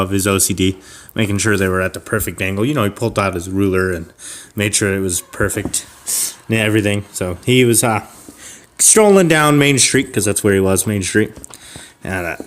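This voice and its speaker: A man improvising a comic story on a podcast, rambling with fillers and restarts, and jumping to a shrill falsetto for old ladies. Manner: rambling, with fillers and self-corrections. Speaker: podcast co-host.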